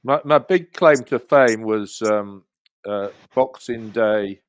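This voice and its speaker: A man's voice: lowish voice, slow, clean tone. A man in his fifties from England, a guest telling rambling stories in a casual chat. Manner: rambling storyteller, many restarts and laughs.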